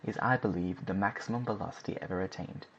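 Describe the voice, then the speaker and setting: A composed, methodical club president, read by a man with a husky, slightly breathy voice, who lays out his points in measured, formal oratory. He sits on the low side of a man's range. The recording is dull and lo-fi. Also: a bit bright, full character voice.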